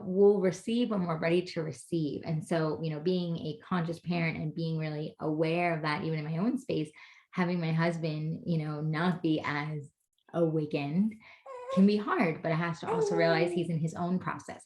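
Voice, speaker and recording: A woman's voice: sits low, normal speed, a little mellow. A woman in her thirties talking casually about parenting, rambling with many fillers. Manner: rambling, heavy on "you know" fillers. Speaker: guest mother. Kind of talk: casual conversation.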